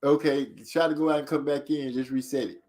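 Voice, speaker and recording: A man's voice: fairly high pitch, level tone, fast, a little mellow. A man hosting a casual stream who playfully reads viewer comments aloud. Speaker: host reading chat comments. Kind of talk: casual chat.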